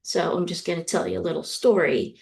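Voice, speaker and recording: A woman's voice: fairly low pitch, fairly even intonation, fairly quick, creaky, darkish tone. A middle-aged woman from the US East Coast giving a university lecture, explaining steadily with frequent ums. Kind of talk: recorded lecture.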